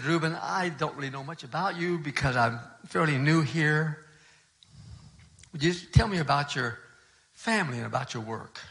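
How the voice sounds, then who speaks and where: An older man, a pastor, telling a story from his ministry in a relaxed, conversational sermon. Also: fairly high pitch, gravelly.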